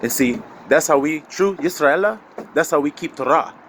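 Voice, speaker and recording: A man giving a preachy, freewheeling sermon, laughing often and swinging between loud and low. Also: animated, moderate pace, a little hiss or hum. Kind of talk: street sermon.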